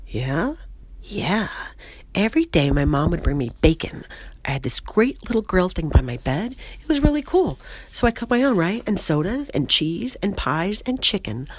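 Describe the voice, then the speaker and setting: A hoarse woman voicing a goofy, flirtatious woman at a reunion bar, chatty and excitable. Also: fairly low pitch, no echo. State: hoarse, voice mostly lost.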